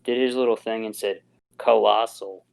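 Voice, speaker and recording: A man's voice: on the low side, moderate pace, gravelly, darkish tone, low-quality recording. A man on a podcast in casual chat, giving a rambling play-by-play recap. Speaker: podcast co-host.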